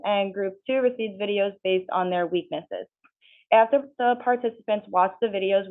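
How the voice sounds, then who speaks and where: A young woman, a student, giving a research presentation and reading steadily through her methods and figures. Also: mid-range voice. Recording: tinny, phone-like sound.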